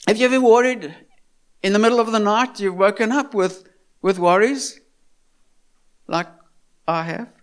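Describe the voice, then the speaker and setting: A man's voice: sits high, normal speed, pauses often, smooth. A man preaching a sermon in an earnest, repetitive manner, full of rhetorical questions and stumbling restarts.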